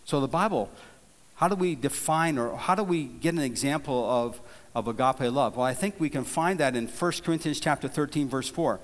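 A man preaching a sermon, telling a folksy story in a relaxed, conversational way, with frequent restarts and repeated words. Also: mid-range voice, normal speed. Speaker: pastor. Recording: long hall reverb.

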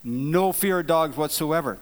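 A man preaching a sermon, telling a folksy story in a relaxed, conversational way, with frequent restarts and repeated words. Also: fairly high pitch, a little slow. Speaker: pastor. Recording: long hall reverb.

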